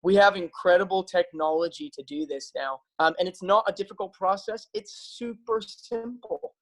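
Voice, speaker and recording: The audio is poor, but this man's high-pitched, slightly bright voice comes through at a moderate pace. Speaking to his viewers as a health practitioner, he is casual, eager, upbeat and persuasive, with frequent fillers in his enthusiastic talk to camera.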